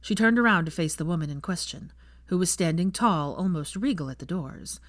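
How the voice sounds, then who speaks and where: A woman narrating a fan fiction audiobook in an expressive storytelling manner. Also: lowish voice, fairly quick, no echo, clean studio sound.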